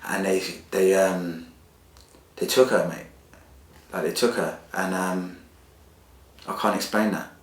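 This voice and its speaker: A very deep-voiced man, talking bluntly and with feeling, full of street slang and swearing. He tells his story as a podcast guest. The room around him is echoey. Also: steady tone, takes it slowly, pauses often. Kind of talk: candid personal storytelling.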